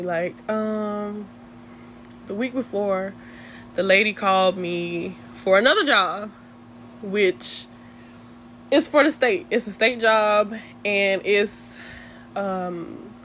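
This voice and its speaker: A young woman chatting to her viewers in a lively, slangy storytime, laughing often. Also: medium pitch, a little hiss or hum. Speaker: vlogger. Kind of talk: casual storytime chat.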